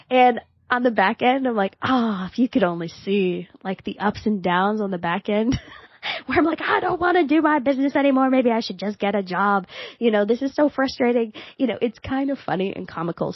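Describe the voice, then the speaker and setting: A woman talks through her solo podcast in a candid, chatty way, poking fun at herself as she goes. Her voice sits at an ordinary middle pitch. The recording is dry and a little dull. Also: no room sound. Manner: candid, chatty, self-mocking. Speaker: podcast host.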